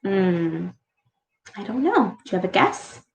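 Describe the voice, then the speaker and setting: A woman reading a picture book aloud to her child, gently pausing to ask questions about the pictures. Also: medium pitch, big pitch swings, gravelly.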